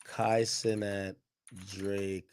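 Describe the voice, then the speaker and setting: A man's voice: lowish voice, flat delivery, very slow, darkish tone, clean tone. A man hosting a live reaction stream, muttering while he searches, then explaining. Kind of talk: casual live reaction commentary.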